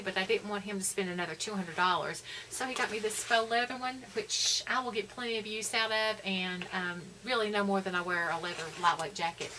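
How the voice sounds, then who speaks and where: A woman's voice: medium pitch, pushed and bright, slight background noise, low-quality recording. A middle-aged woman, chatting casually and rambling through a shopping haul at home. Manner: chatty, rambling, many fillers. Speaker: vlogger.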